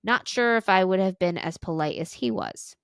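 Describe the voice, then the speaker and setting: A woman's voice: fairly low pitch, lively intonation, normal speed, creaky, fairly bright tone, dry recording, clean studio sound. A woman podcast co-host reading a listener's story aloud, with small stumbles and restarts.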